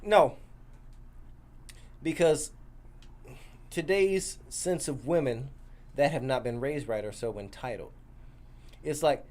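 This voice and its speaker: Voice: medium pitch, slow pace, long pauses, a little mellow. Emphatic co-host with opinions. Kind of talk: casual opinion talk.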